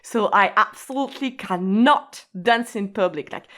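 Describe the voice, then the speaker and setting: A woman's voice: on the high side, normal speed, few pauses, fairly bright tone. A woman teaching a language in a casual, informal way. She explains patiently, repeats her points and often checks that the listener is following.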